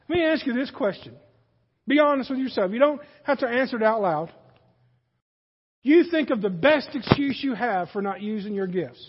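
A man's voice: extremely high pitch, animated, moderate pace, pauses often, breathy edge. A man preaching a sermon in a folksy manner that rises to emphatic peaks, heard in a church sanctuary. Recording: dull, hall reverb.

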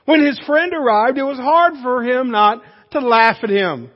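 A man preaching a sermon, telling a folksy story with lively animation. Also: very high-pitched, normal speed, in a large hall, lo-fi sound. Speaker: pastor.

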